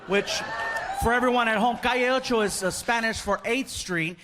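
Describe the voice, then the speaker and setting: A man doing stand-up comedy, telling stories in an animated way and acting out characters with quick bursts of Spanish. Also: very high voice. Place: comedy club stage. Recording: loud live crowd and noise.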